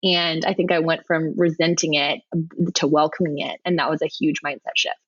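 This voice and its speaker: Lively woman guest, low and dry. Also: moderate pace, slightly rough, no room sound, lo-fi sound. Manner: animated, laughs often, frequent restarts. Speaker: podcast guest, web designer. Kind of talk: conversational storytelling.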